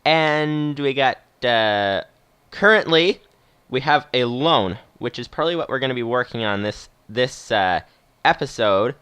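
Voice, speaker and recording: A man talks through his game in a loose, rambling way, laughing now and then as he reads the story aloud. His voice sits at a middle pitch and the room sounds dry and close. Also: lively intonation, measured pace, fairly bright tone, smooth, no echo. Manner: chatty, rambling, laughs often. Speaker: game streamer. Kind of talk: casual game commentary and reading aloud.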